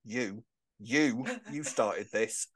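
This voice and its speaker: A man co-hosting a podcast, rambling chattily with lots of fillers and sudden excited bursts. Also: lowish voice, extremely slow. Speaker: podcast co-host. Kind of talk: casual chat about a soap opera.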